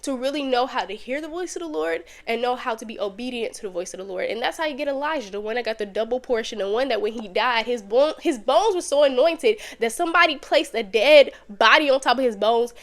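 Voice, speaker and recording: Woman giving an animated Bible talk. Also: fairly high pitch, brisk, hardly any pauses. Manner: conversational, animated storytelling. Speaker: podcast host teaching Bible study. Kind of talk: casual Bible teaching.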